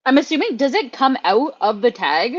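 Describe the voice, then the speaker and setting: A woman's voice: high-pitched, big pitch swings, normal speed, breathy edge. Giggly woman player, slightly dull sound. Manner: giggly, casual, swears freely. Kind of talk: casual tabletop play.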